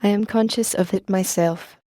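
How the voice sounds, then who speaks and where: A woman's voice: mid-range voice, steady tone, normal speed, warm tone, no room sound, natural voice. A woman reading the part of an old, kindly, dry-humoured news editor, with a light Scottish lilt, in an audiobook. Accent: Scottish, put on.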